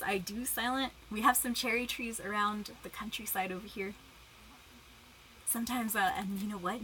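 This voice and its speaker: Young female streamer, bright voice, giggly, chatty, casual livestream banter. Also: medium pitch, slight background noise, poor audio. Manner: giggly, chatty, greets viewers by name; self-conscious, eating while talking.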